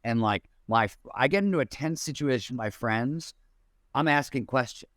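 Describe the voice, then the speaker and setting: A man's voice: mid-range voice, expressive, normal speed, fairly bright tone, no echo, clean studio sound. A man hosting an interview, asking a long searching question full of fillers and restarts. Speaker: podcast host.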